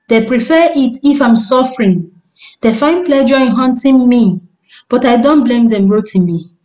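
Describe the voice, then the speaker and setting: A woman's voice: on the high side, mellow, voice pushed up, low-quality recording. A woman voicing a weary, grieving young wife who speaks in a pleading, tearful way.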